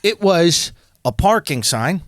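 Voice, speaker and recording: A young man telling a story on a comedy podcast, loud and excitable, breaking into shouts. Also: on the high side, slow, no echo. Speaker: podcast co-host.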